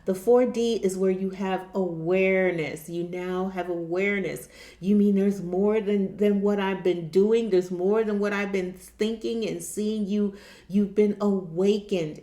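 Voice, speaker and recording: A woman's voice: medium pitch, fairly even intonation, a little slow, mellow, echoey room. A woman vlogger talking earnestly about spiritual awakening, often repeating herself and restarting her sentences. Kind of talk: casual spiritual talk to camera.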